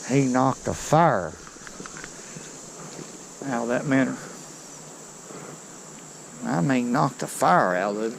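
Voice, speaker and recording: Man, gravelly voice, slow drawl, excited fishing commentary, outdoors with crickets. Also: medium pitch, noisy background. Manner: excitable, folksy, talks to viewers as he fishes. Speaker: fishing vlogger. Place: outdoors by a creek.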